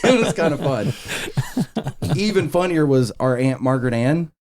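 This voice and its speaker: A man who is a guest on a casual podcast, telling stories in an animated way, laughing often and swearing freely. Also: medium pitch, normal speed, slight background noise.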